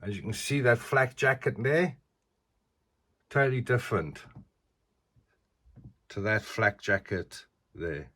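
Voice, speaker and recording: Man in his middle years, unhurried and chatty, casual collector vlog. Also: on the low side, animated, a bit bright. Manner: chatty, tags sentences with "eh". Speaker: collector reviewing figures.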